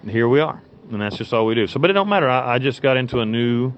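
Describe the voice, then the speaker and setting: A man with a mid-range voice talks fast with lively intonation. He's an American inmate interviewed by cell phone from his cell, telling rambling stories bluntly and crudely with many restarts, and the line is muffled, lo-fi, and faintly noisy.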